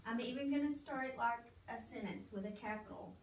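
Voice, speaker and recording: A woman teacher with a high voice leads a classroom reading lesson, pausing so students can finish her sentences. She sounds distant from the microphone, her voice bouncing around a roomy classroom. A faint hiss sits under it. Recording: echoey classroom, far from mic, faint noise.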